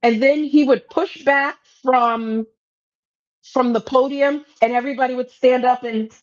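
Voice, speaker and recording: A woman's voice: high voice, fairly even intonation, a little slow. A woman co-hosting a podcast over a video call, chatting casually with a teasing, joking manner. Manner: teasing, joking, playful asides. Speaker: podcast co-host. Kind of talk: casual chat. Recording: dull lo-fi video call audio.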